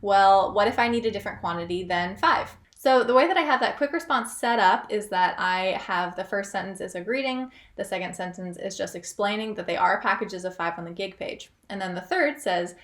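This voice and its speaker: A woman's voice: mid-range voice, animated, a little fast, few pauses, a bit bright. Chatty young woman in an echoey room. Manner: chatty, upbeat, self-aware asides. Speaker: freelance writer vlogger. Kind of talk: casual tutorial vlog.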